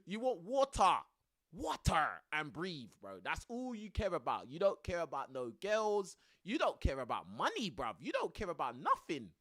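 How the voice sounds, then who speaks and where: A man's voice: high-pitched, huge pitch swings, normal speed, a bit bright. A young man chatting casually on a live stream from his home, laughing often and using lots of slang. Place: home room under a studio light.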